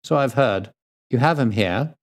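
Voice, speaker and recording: A man voicing a sharp, brisk male detective in old London, speaking crisply and with purpose in a storybook reading. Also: mid-range voice, lively intonation, voice pushed up.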